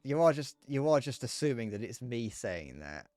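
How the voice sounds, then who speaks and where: A man streaming a game, rambling and joking as he thinks out loud, often restarting his sentences. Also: mid-range voice, sing-song, moderate pace, no echo, faint music behind. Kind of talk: casual gameplay commentary.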